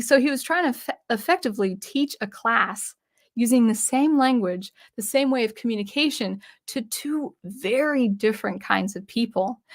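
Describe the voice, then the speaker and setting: Woman, music channel host, casual storytelling, chatty, restarts often, middle pitch. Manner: chatty, with frequent restarts and asides; acts out remembered dialogue with shifts in tone.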